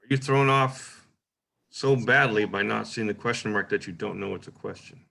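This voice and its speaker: A man with a fairly low voice and a bright, sharp edge over a rough, gravelly texture. He hosts a poetry workshop and talks through a point on craft in an easy, informal lecture, often tossing in "right?" and trying a sample line aloud several ways. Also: moderate pace. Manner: relaxed, thinking aloud with frequent "uh" and "right?".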